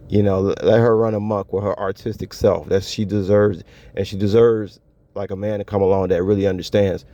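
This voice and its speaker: A man's voice: deep voice, warm tone, no room sound. A man talking casually to his viewers in a solo monologue, laid-back and slangy, often breaking into laughter. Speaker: vlogger. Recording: dull lo-fi audio.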